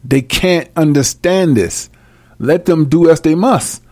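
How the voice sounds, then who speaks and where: A man giving a freewheeling, profane Bible commentary, brash and mocking, swinging between loud outbursts and low mutters. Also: takes it slowly. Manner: brash, mocking and full of cursing. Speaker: self-styled preacher.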